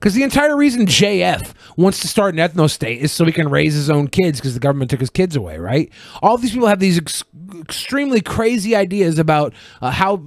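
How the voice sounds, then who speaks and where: A man hosting a podcast, talking in casual crude banter, animated and profane, often laughing. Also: on the high side, no echo. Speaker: podcast host.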